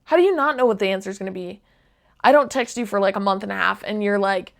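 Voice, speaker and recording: A woman's voice: mid-range voice, expressive, fast talker, creaky. A young woman reading online posts aloud and reacting to them with disgust and laughter in casual commentary.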